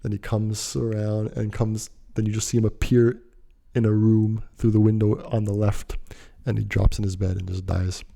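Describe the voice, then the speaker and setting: A man's voice: lowish voice, level tone, moderate pace, vocal fry, dark tone. A young man telling a story in a casual, rambling, slangy, laid-back way.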